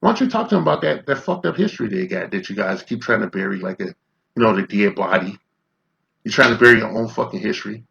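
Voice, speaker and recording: A man's voice: on the low side, animated, fast talker, creaky, pushed and bright, muffled recording. A man in his fifties from Chicago, ranting in confrontational, profane commentary full of rhetorical questions. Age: 50s. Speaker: commentary vlogger.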